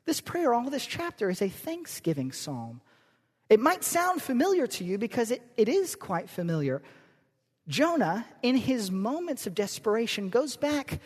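A woman's voice: medium pitch, darkish tone, slightly rough. A woman preaching a sermon, earnest, reading scripture passages aloud with emphasis. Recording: long hall reverb.

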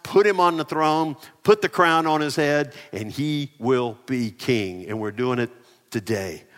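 An aging king gives firm, emphatic royal orders, as a preacher voices him. The voice sits a little high and loud, and it echoes through a church hall. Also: slow pace. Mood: commanding. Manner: commanding, emphatic.

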